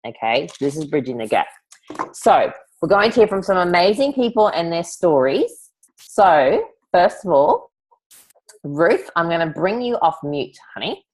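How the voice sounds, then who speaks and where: A woman's voice: on the low side, big pitch swings, measured pace, rough recording. A woman hosting an online event over a video call, chatty and affectionate, calling guests honey and darling.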